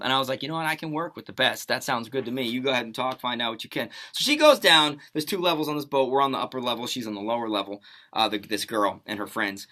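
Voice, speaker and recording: Young radio guy telling a story fast, bright voice, acts out everyone's lines. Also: mid-range voice. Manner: animated storytelling with acted-out quotes. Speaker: radio co-host. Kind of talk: casual radio banter.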